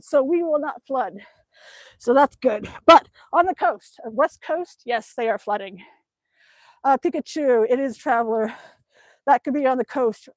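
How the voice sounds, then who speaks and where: A woman's voice: high voice, measured pace, no echo. A woman from Alaska chatting casually on a livestream while pedaling an exercise bike outdoors, gushing over her dog into a cell phone. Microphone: cell phone on a stand.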